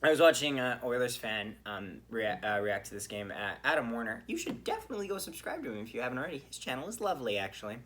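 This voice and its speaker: A man with a bright, forceful voice talks through a hockey game on his podcast. He rants and swears in animated bursts, then settles back into casual chat. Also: mid-range voice, fast, few pauses. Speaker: podcast host. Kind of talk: solo hockey game reaction.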